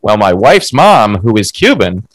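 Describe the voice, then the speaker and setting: A middle-aged man and comedian, a guest on a podcast, explaining his points in an animated way. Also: on the low side, a little slow, no room sound, low-quality recording. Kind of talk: casual interview chat.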